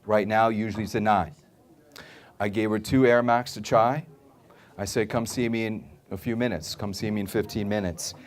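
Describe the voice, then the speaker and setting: At a supplement store, a man gives a live sales talk to an audience, emphatic and repeating his points while he keeps asking "okay?" In his anecdotes he acts out customers' voices, speaking at normal speed in a steady, lowish tone.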